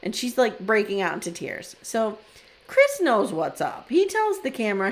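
A woman's voice: medium pitch, normal speed. A woman in her forties who co-hosts a podcast, animatedly retelling scenes in casual chat and acting out the quotes. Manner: animated storyteller, acts out quotes. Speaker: podcast co-host.

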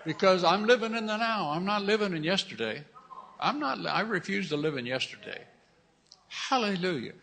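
A man's voice: sits high, animated, normal speed, vocal fry, a bit bright. A middle-aged man preaching a fervent sermon as pastor, repeating his phrases and calling out hallelujahs. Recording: long reverb of a large hall.

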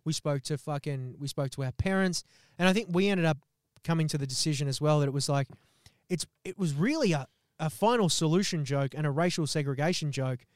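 Animated swearing young man. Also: on the high side, brisk, no room sound, clean studio sound. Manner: swears constantly, animated retelling with acted quotes. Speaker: podcast co-host. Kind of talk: casual storytelling chat.

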